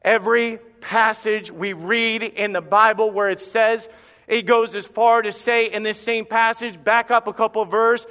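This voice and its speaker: A male pastor preaching a sermon in a church, impassioned and emphatic with dramatic pauses. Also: high voice, steady tone, sharp tone. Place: church sanctuary. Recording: long reverb of a church hall.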